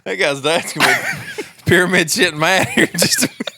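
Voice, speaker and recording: A man's voice: high voice, wildly swooping pitch, a little fast, pushed and bright. A man, co-hosting a podcast in casual chat and laughing a lot. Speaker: podcast co-host.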